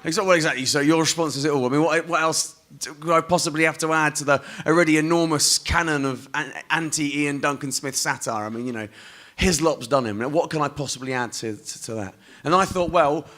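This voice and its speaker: His voice is on the high side and a bit bright. This Essex-born performance poet chants his verses rhythmically at a festival, breaking between pieces for wry, rambling stage chatter.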